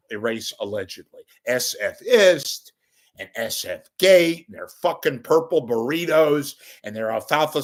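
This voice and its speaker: A man's voice: on the high side, fairly bright tone. Angry, profane ranting man. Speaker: local media commentator.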